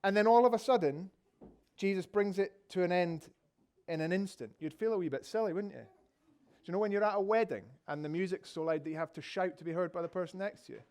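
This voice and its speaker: A man's voice: high-pitched, brisk, a little mellow. A middle-aged Scottish man preaching a sermon, telling the story vividly and asking rhetorical questions. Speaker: pastor.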